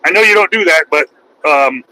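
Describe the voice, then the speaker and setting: A middle-aged man, a truck driver, ranting loud, profane and mocking on a livestream. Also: a little high, expressive, normal speed, dry recording, poor audio. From United States. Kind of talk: livestream rant.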